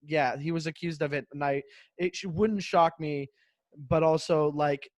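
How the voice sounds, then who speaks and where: A man, a comedian guest, chatting casually and telling jokey stories with quick restarts over a home mic. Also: a little high, fairly even intonation, no echo, studio quality. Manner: quick, joking storyteller with restarts. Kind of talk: casual chat. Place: home, remote. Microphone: home microphone, remote call.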